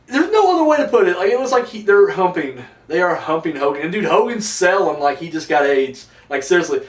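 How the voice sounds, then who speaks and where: A man's voice: high voice, very animated, a little fast. A man giving a casual, rambling and profane video review, with a sarcastic edge. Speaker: wrestling reviewer. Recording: echoey room, distant mic.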